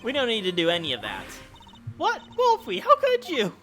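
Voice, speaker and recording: A woman's voice: on the low side, huge pitch swings, rapid-fire, a bit bright, soft background music. A woman voicing a brash, blunt male agent who swaggers in a game let's play. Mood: cocky.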